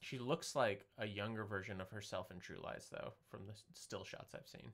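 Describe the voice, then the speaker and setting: A man's voice: on the low side, moderate pace, a bit bright. A man co-hosting a casual film podcast, joking in crude banter and laughing often. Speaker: podcast co-host.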